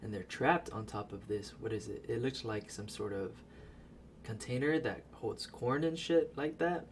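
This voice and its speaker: Profane, animated man recapping a movie. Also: medium pitch, normal speed, a little hiss or hum. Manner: profane, animated storytelling with laughs. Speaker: video creator. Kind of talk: casual movie recap voice-over.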